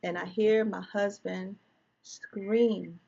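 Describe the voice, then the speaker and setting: A woman's voice: medium pitch, steady tone, slow pace, vocal fry, dark tone, husky, lo-fi sound. A woman guest telling an emotional personal story, vividly reliving scenes with quoted dialogue.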